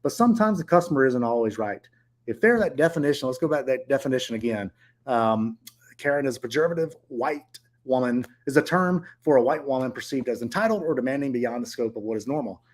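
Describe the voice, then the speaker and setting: A man's voice: medium pitch, expressive, quick pace. A middle-aged man who owns short-term rentals, telling viewers a story in a blunt, profane, heated way.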